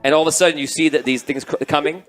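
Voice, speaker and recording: A man narrating a tabletop game as game master, telling the scene in a rambling, animated way. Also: fairly high pitch, rapid-fire, soft background music. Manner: rambling, animated storytelling with restarts.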